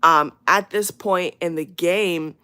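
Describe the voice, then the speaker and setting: A woman's voice: lowish voice, takes it slowly, sharp tone, smooth. A woman hosting her channel, speaking casually and earnestly to her viewers, rambling and repeating herself with many fillers. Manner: earnest and emphatic. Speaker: channel host. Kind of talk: casual spoken warning to viewers.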